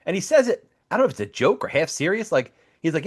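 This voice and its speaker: A man's voice: on the high side, very animated, fast talker. A man co-hosting a comics podcast, chatting bluntly and with enthusiasm. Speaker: podcast co-host. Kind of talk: casual chat reviewing comics and movies.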